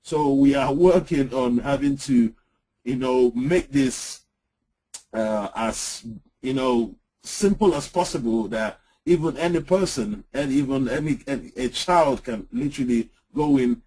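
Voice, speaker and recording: A man co-presenting a webinar, speaking in a halting, casual way with lots of fillers and some teasing jokes. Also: medium pitch, mellow, slightly rough, low-quality recording. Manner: halting, many fillers and restarts, joking.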